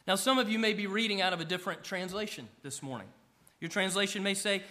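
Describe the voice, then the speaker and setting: A middle-aged pastor, preaching a sermon, with emphatic rises and soft drops. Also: male voice, high voice, animated, brisk.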